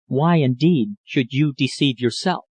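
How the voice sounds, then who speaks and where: A man reading an audiobook, voicing a grave young woman who turns down a suitor in a cool, earnest manner, her voice low and sweet. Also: a little slow, a little mellow, husky, dry recording. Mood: doubtful.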